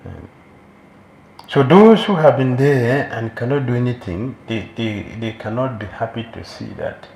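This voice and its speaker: A man's voice: medium pitch, unhurried, a little mellow. A man giving a sermon as a spiritual teacher, emphatic and repeating key phrases for weight. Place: temple hall. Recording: roomy hall echo.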